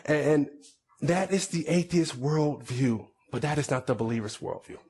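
A pastor preaching a sermon in a conversational way, with asides and repeated words. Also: male voice, on the high side, normal speed, a little mellow, slightly rough. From United States.

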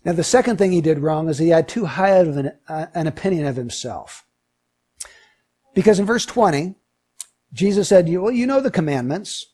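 This pastor speaks at an ordinary pace, animated throughout, his husky and rather high male voice swinging far up and down. He drives his sermon toward forceful high points before settling into low, quiet passages.

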